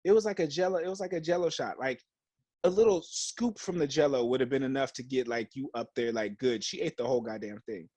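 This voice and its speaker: A man's voice: mid-range voice, quick pace, a little mellow, no echo. A young man co-hosting a podcast, chatting casually and acting out quotes as he tells a story, swearing freely and using lots of slang. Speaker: podcast co-host. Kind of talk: casual chat.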